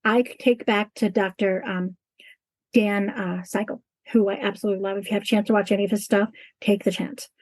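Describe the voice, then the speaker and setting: In a conversational interview, a female teacher appears as a guest, sounding earnest and emphatic as she acts out how she talks in class. Her medium-pitched voice is brisk and a little mellow, with little pitch movement, captured in a dry recording.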